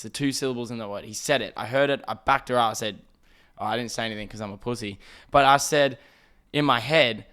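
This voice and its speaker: A young man hosting a solo podcast, telling a story in an animated, profane, ranting way. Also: mid-range voice, quick pace. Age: young adult. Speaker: podcast host.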